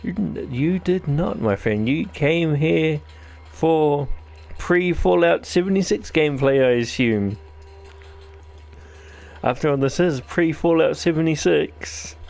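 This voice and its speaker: A man's voice: on the high side, takes it slowly, gravelly, a little mellow. A man with a New Zealand accent giving rambling, jokey let's-play commentary as host of his gaming channel. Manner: rambling, jokey, self-deprecating chatter.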